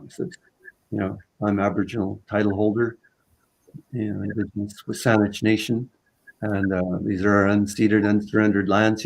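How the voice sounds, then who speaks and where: A man from Southern Vancouver Island, a guest in a conversation, telling a story casually in halting phrases full of fillers and restarts. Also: lowish voice, creaky, poor audio. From Southern Vancouver Island, Canada.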